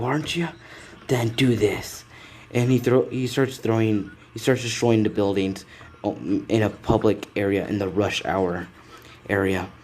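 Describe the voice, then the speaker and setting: A young man with a lowish voice tells a fan-fiction story in a loose, rambling way, restarting sentences as he goes. His throat sounds strained from a lot of talking, and a faint hiss sits under the recording. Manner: rambling, with frequent restarts and self-corrections.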